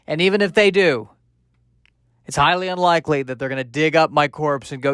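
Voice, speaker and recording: A man's voice: fairly high pitch, steady tone, brisk, fairly bright tone, clear, resonant tone, no echo, studio quality. A man hosting a solo comedy podcast, rambling through tangents with lots of fillers. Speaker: podcast host.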